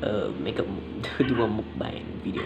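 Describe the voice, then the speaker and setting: A man's voice: lowish voice, lively intonation, normal speed, muffled recording, loud music behind the voice. A young man hosting a casual eating vlog, rambling and hesitant with lots of fillers. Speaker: vlogger.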